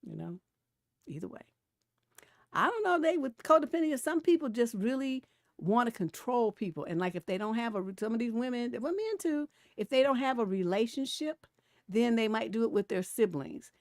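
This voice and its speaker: A middle-aged woman hosting a livestream advice show, talking bluntly and profanely, swinging from mellow to heated and laughing between points. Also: a little high, sing-song, normal speed, no echo, clean studio sound. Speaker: relationship coach hosting a livestream. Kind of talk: casual livestream advice talk.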